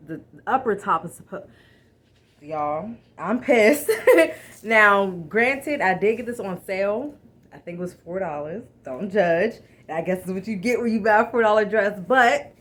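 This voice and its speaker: Exasperated woman chatting through an unboxing. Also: on the low side. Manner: expressive, exasperated, addresses viewers as y'all. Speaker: haul vlogger. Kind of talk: casual unboxing chat.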